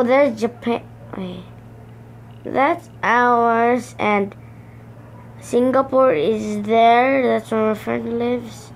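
A woman from the Philippines, giving excitable, playful commentary as she plays a mobile game at home. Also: on the high side, gravelly, a little hiss or hum. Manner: excitable and playful, bursts of exclamations and giggles. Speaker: gaming channel host. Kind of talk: casual let's-play commentary.

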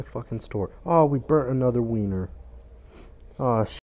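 A man's voice: mid-range voice, expressive, moderate pace, darkish tone, dull audio. A young man giving casual gameplay commentary as a gaming YouTuber, grumbling and swearing, turning frantic when the game gets hectic, recorded on a phone at home.

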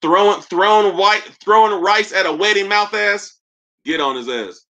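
Bright-voiced man roasting on a livestream. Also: high-pitched, moderate pace. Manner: trash-talking, joking, loose and laughing. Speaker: livestream host. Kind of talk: casual roast commentary on a livestream.

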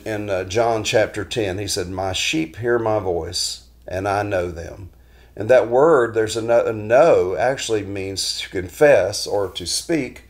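A man hosting a weekly devotional talk, telling stories in a folksy, unhurried way full of restarts. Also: medium pitch. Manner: folksy storytelling with frequent restarts.

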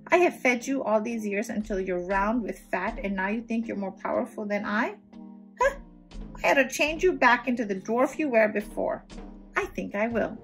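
A woman doing a hoarse, bossy old forest witch. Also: on the low side, moderate pace, darkish tone, faint music behind. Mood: scornful.

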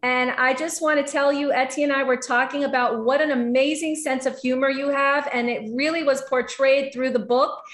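High-voiced woman host reading an introduction. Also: steady tone, normal speed, hardly any pauses, fairly bright tone. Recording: echoey room.

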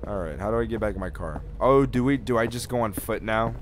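A man's voice: on the low side, fast talker, hardly any pauses, over music. A young man chatting and joking through a horror game for his viewers, swearing now and then. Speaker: gaming youtuber. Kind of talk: let's play commentary.

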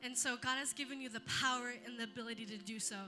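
A young woman leading a church youth talk, telling stories in an animated way and acting out what others said. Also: a little high, fast, faint music behind. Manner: animated storytelling, acts out quotes. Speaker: youth leader.

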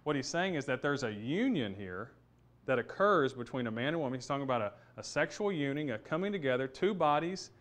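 Male Bible teacher, middle-aged, mid-pitched voice, relaxed explaining tone with restarts. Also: a little fast. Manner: explanatory, thinking aloud with restarts and fillers. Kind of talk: Bible study lesson.

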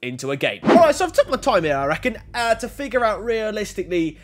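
A young man giving excitable commentary on his own football video game match, shouting at big plays. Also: high-pitched, fast, soft background music. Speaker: gaming YouTuber. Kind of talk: gameplay commentary.

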